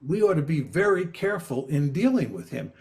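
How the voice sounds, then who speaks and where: An older man answering interview questions in a measured, emphatic, lecturing way. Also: a little high, sing-song, gravelly, a little mellow. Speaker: interviewee, political scientist.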